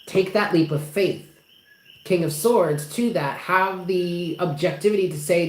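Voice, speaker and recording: A woman with a lowish, unhurried voice gives live tarot readings to her viewers, speaking with affection and emphasis and swearing casually. The recording sounds roomy, with faint background noise.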